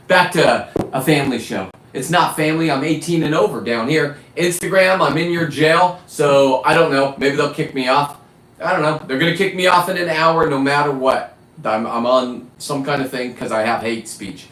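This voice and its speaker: A man's voice: fairly high pitch, a bit bright, a little hiss or hum. Blunt, profane middle-aged man in a roomy space. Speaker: live-stream host. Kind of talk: casual live-stream rant.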